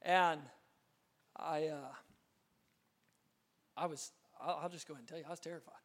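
A man preaching from the pulpit, his voice high and bright with a sharp edge. He tells his testimony earnestly and dramatically, often restarting mid-sentence as the story builds. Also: fairly even intonation, moderate pace. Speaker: pastor. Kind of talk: storytelling sermon.

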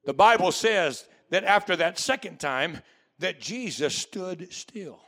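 Male missionary preacher; high, bright voice, storytelling into fervent shouts. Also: expressive, slow pace, some chatter behind. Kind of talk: sermon.

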